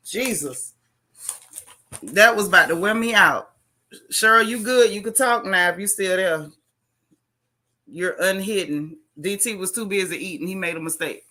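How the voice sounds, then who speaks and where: Bright-voiced woman hosting a chatty gossip stream. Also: medium pitch. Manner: chatty, talks straight to viewers; reads posts aloud in her own voice. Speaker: gossip livestream host. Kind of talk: casual gossip commentary to viewers.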